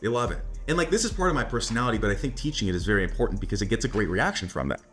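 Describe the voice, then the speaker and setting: A man's voice: lowish voice, animated, very fast, a bit bright, faint music behind. A man talking as a dating coach in a casual monologue, brash and profane, often laughing at his own jokes and tossing in "right?". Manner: repeats "right?" and "like" constantly.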